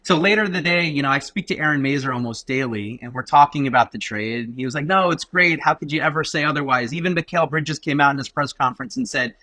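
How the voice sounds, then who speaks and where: Podcast guest from Arizona, bright forceful voice, dry close sound, lively storyteller. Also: male voice, medium pitch, quick pace, few pauses, no echo. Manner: animated storyteller, acts out quoted voices. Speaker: guest, lawyer.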